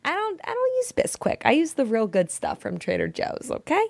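A woman's voice: high voice, wildly swooping pitch, moderate pace, gravelly, no echo. A young woman co-hosting a podcast, chatting casually and reading a listener story aloud in an easygoing, giggly, candid way. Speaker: podcast co-host. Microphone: studio mic.

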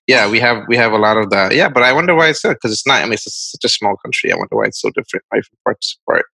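A male podcast host with a low voice and a bright, forceful edge to it. He talks in an easygoing, friendly way and thinks aloud as he chats. The sound is close and dry. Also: very animated, racing, creaky, breathy edge, dry recording, poor audio. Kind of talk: casual conversational interview.

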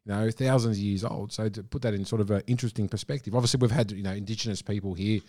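A man's voice: fairly low pitch, rapid-fire, no echo, studio quality. Enthusiastic Australian male podcast host. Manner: enthusiastic, animated. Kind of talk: casual interview talk.

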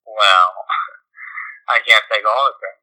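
A man's voice: fairly low pitch, steady tone, slow pace, sharp tone, low-quality recording. A man from New York telling a long story in casual chat, rambling, losing his thread and making fun of himself. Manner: rambling, self-deprecating, loses his thread. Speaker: podcast co-host.

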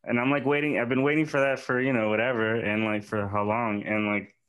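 A man in his thirties hosting a casual podcast chat, halting and often restarting. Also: medium pitch, fairly even intonation, a bit bright, clean tone. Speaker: podcast host.

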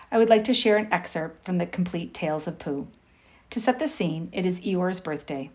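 A woman volunteer leading a school morning prayer and storybook reading, in measured, careful reading aloud. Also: on the low side, darkish tone, echoey room, low-quality recording.

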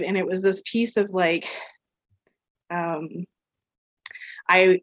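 A woman's voice: lowish voice, no room sound, lo-fi sound. A woman guest on a podcast, telling a personal story in a casual, rambling way full of "like" and "um". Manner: rambling storyteller, heavy use of "like" and "um". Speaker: podcast guest, equine therapy practitioner.

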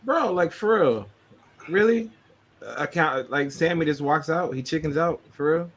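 A man's voice: fairly high pitch, unhurried, fairly bright tone. Exasperated man in casual chat. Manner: exasperated, says bro a lot. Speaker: podcast co-host.

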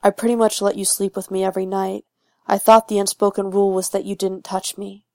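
A brooding young werewolf man, guarded and gruff, speaks in a rough, gravelly voice, as a woman reads him. The delivery stays flat and even, recorded close and dry for a fan audiobook. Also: medium pitch, brisk, dry recording, natural voice. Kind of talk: fan fiction audiobook reading.

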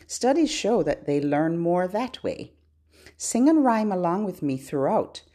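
A woman hosting a podcast as a children's librarian speaks in a gentle, instructive way. She takes her time over the scripted tips. Her delivery moves in wide swings of pitch. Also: slightly rough. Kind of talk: scripted podcast narration giving tips to parents.

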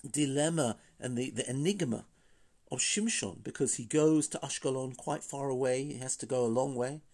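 A man's voice: mid-range voice, gravelly, a little mellow, husky. A man hosting a podcast, giving an informal Bible lesson in a conversational way, full of fillers and rhetorical questions, reading Hebrew verses aloud and translating them. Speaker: Bible teacher and podcast host.

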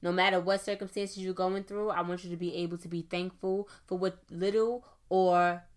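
A young woman hosting a faith podcast, talking fast and chatty, often checking in with listeners with a quick "okay?". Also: on the low side, level tone. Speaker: podcast host. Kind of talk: casual faith podcast monologue.

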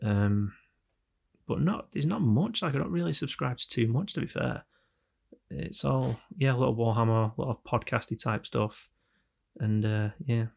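A man's voice: medium pitch, normal speed, creaky, darkish tone. A man hosting a podcast, chatting casually and swearing now and then. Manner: chatty, swears, mimics announcer voices. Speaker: podcast host.

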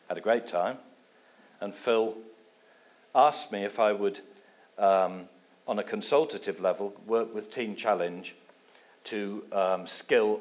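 A man from England giving a sermon with a personal testimony, telling his story in a lively way and dropping his voice low for asides. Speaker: guest preacher.

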